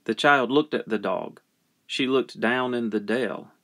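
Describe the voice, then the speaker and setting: A man reading a children's storybook aloud with gentle, playful storytelling. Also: medium pitch, unhurried. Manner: gentle, playful storytelling with lots of sound effects. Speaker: narrator.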